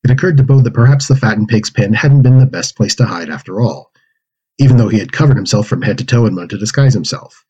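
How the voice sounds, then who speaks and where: A man reading a children's story aloud with expressive delivery, acting out character lines and pig oinks. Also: fairly low pitch, fast talker, slightly rough, dull audio. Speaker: narrator reading a manuscript aloud.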